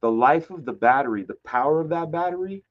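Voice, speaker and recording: A comic book artist, guesting on a podcast, tells stories in casual chat, swearing freely and animatedly acting out what others said. His voice is a little high and quick, and the recording is muffled.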